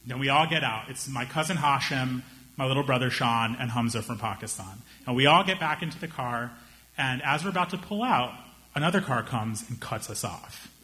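A young man doing stand-up, telling a story in an animated way and slipping into the voices of the people in it. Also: medium pitch, moderate pace. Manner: animated, acts out voices of friends and strangers. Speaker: stand-up comedian.

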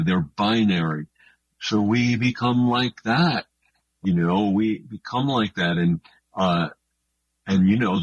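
A man being interviewed on the radio about his books, talking in an earnest, thoughtful and unhurried way. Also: on the low side, a bit bright, slightly rough, dry recording, lo-fi sound. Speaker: guest author.

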